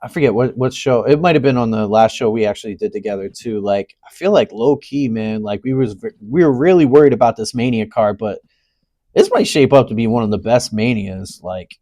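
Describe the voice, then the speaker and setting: A man co-hosting a wrestling talk show in an easygoing, slangy manner. His voice sits in an ordinary middle pitch. He agrees readily and speaks with relaxed enthusiasm. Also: brisk, no room sound. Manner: laid-back, slangy, agreeable. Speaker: wrestling podcast co-host. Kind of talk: casual chat.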